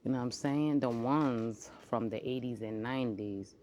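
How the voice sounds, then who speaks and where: Deep-voiced lady in her 40s, rambling vlog chat, hops topic to topic. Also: moderate pace, muffled recording, a little hiss or hum. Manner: rambling, jumps between topics; animated, slides into acted-out quotes. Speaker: vlogger. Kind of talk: casual monologue.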